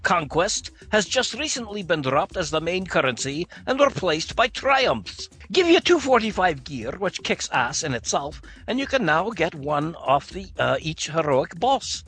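A man with a husky, fairly high voice co-hosts a casual gaming podcast. He reads listener mail with playful asides, and his pitch bounces a lot. Faint music sits under the talk. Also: sing-song, a little slow, few pauses, a bit bright. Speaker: podcast co-host.

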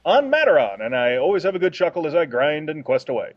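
A husky-voiced man co-hosting a casual gaming podcast, reading a fan email with enthusiasm and self-deprecating remarks. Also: fairly high pitch, sing-song, quick pace, no echo. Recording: dull lo-fi dry podcast mic.

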